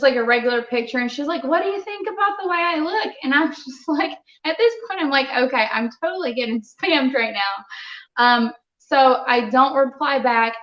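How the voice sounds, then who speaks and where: Brief: young woman, fighter, animated storyteller, higher voice, roomy dull recording. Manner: animated, quotes others in conversational retelling. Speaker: muay thai fighter, interview guest. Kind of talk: casual storytelling interview. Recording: roomy, slightly dull sound.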